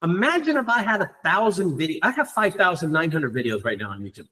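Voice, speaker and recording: Man, excited rambling, lively pitch, slightly high voice, online meeting. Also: quick pace. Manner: excited, rambling, many fillers. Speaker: business owner hosting a group meeting. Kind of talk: casual group meeting talk.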